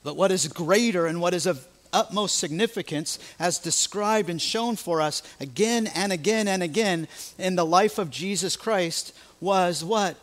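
A man's voice: high-pitched, a little slow, a bit bright. A male pastor with an American accent preaching a sermon, emphatic and full of rhetorical questions.

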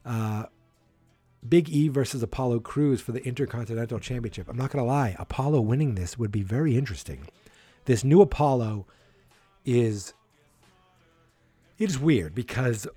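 Rambling man with a mellow, husky voice. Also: mid-range voice, no room sound. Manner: rambling, self-correcting, thinking aloud. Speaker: wrestling podcast host. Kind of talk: casual solo predictions chat.

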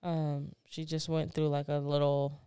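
A woman's voice: low-pitched, completely flat delivery, a little slow, warm tone, smooth, no room sound, clean studio sound. A woman co-hosting a casual podcast, telling stories in a candid, profane, laughing way. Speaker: podcast co-host. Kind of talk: casual chat.

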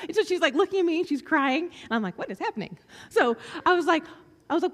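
A woman's voice: high-pitched, lively intonation, quick pace, in a large hall. A woman giving a personal testimony, telling a story and acting out the voices of the children in it. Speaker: speaker sharing a testimony.

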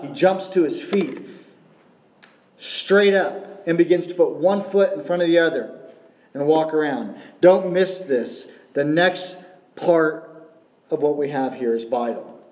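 A male pastor with a slightly high, somewhat dark voice preaches a sermon, putting rhetorical questions to the congregation and repeating key phrases. The room gives the recording a noticeable echo.

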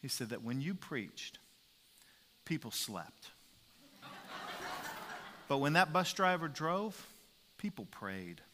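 A man's voice: medium pitch, sing-song, slow pace, pauses often, long reverb tail, very noisy. A male pastor preaching a sermon, emphatic, repeating key phrases for weight.

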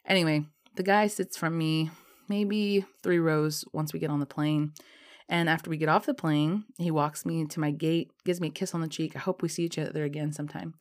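A woman telling a personal story in casual chat, full of "um" and "you know," and acting out the dialogue in a lively way. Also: low voice, fairly quick. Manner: chatty, lots of fillers like "um" and "you know".

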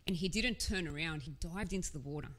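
A woman's voice: lowish voice, quick pace, fairly bright tone. A woman preaching a sermon in an earnest, conversational way, with casual asides. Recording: long hall reverb.

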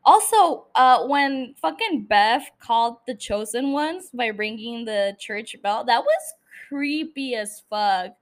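A woman's voice: on the high side, animated, slow pace, hardly any pauses. A woman hosting a casual solo podcast recap, emotional and angry, swearing heavily as she rants. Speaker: podcast host.

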